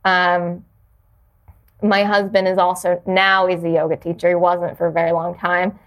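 A woman's voice: fairly low pitch, level tone, moderate pace. A woman guest on a podcast, talking earnestly and reflectively about purpose, with frequent restarts. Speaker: podcast guest, yoga teacher. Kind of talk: casual interview conversation.

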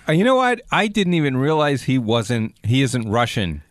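A man's voice: medium pitch, big pitch swings, moderate pace, dry recording, clean studio sound. A man co-hosting a radio talk show, bantering with wry jokes.

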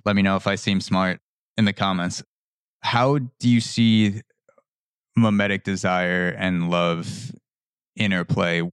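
Male podcast host, steady low delivery, dry close sound, loose rambling phrasing. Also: takes it slowly, long pauses, clear, resonant tone, dry recording. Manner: rambling, with frequent restarts and repeated words. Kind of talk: casual conversational interview.

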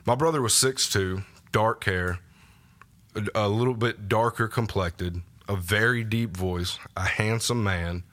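A man telling a personal faith story as a podcast guest, casual and halting, with many fillers and restarts. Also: on the low side, a bit bright. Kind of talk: personal testimony in a podcast interview. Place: podcast studio.

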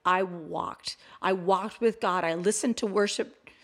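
An older woman co-hosting a Christian talk show, sharing a personal testimony as an animated storyteller who acts out the dialogue she quotes. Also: mid-range voice, measured pace.

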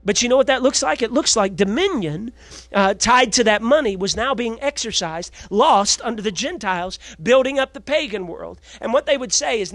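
A male preacher with a very high voice delivers a sermon in a dry, close recording. He keeps asking his congregation if they are ready, shifting between loud declarations and quiet asides. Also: expressive, normal speed, dry recording. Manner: call-and-response, asks the congregation "you ready?".

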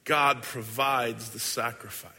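A man preaching a sermon as a pastor, earnest and deliberate, often letting his lines fade softly at the end. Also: medium pitch, steady tone, slightly rough. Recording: hall with long reverb.

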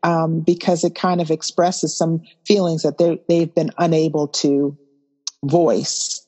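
A woman guest on a podcast, speaking in a measured, thoughtful way and listing things out slowly. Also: sits low, little pitch movement, warm tone. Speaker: guest, farmer and author. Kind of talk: podcast interview. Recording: roomy with long reverb.

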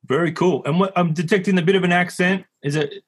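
A man's voice: sits high, fairly even intonation, fast talker. Casual male interview host. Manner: easygoing, asks short questions. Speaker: podcast host.

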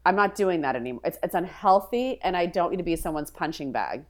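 A woman's voice: on the low side, expressive, quick pace. A woman guest in a casual interview, a frank verbal processor who thinks aloud with many restarts. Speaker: podcast guest.

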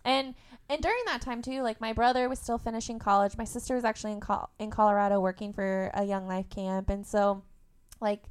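A woman's voice: mid-range voice, steady tone, brisk, clean tone. A young woman from Indiana, a podcast guest, telling a personal story in a candid, emotional way and laughing through the hard parts. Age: young adult.

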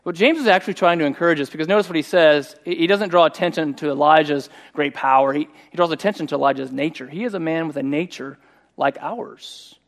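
Man, middle-aged, preaching, conversational storytelling, fairly high voice. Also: fast. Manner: conversational and animated, voicing quoted speech. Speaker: pastor. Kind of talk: sermon with personal story.

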